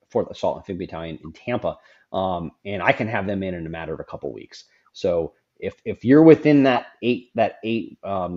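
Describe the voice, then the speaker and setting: A man's voice: deep voice, darkish tone. A middle-aged man hosting a casual conversation, frank and rambling, often repeating words as he goes. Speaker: podcast host. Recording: dull lo-fi sound.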